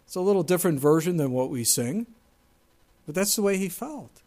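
Earnest high-voiced male preacher. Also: lively intonation, normal speed. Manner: earnest, conversational preaching with wide swings in loudness. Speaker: pastor. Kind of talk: sermon.

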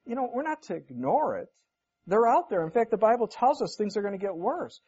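A man preaching a relaxed, conversational sermon, folksy and full of everyday stories. He slips into the voices of the people he quotes. The recording sounds dull and lo-fi. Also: sits high, a little fast, slightly rough. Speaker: pastor.

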